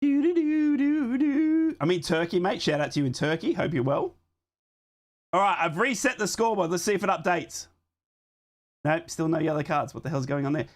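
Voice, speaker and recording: A young man with a hoarse voice from a chest infection, hosting a live football watchalong, chatting to his viewers between calls on the match. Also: a little high, expressive, fairly quick, long pauses. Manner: chatty, talks to his live chat while fixing things on the fly. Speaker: watchalong host.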